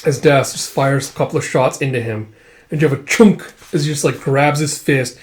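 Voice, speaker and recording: A manga reader with a mid-range voice casually goes through a manga at normal speed, narrating what happens. He adds rambling, profane commentary along the way.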